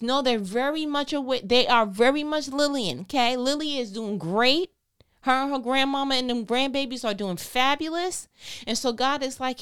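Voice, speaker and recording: A woman hosting a faith-based podcast, talking in an animated, preachy and playful way full of casual slang. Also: sits high, clean tone. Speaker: podcast host.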